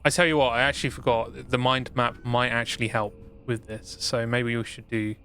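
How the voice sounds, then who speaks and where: A man's voice: medium pitch, little pitch movement, moderate pace, pushed and bright, slight background noise. A man chatting loosely as he streams a game, rambling and self-deprecating. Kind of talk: gaming stream commentary. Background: game music.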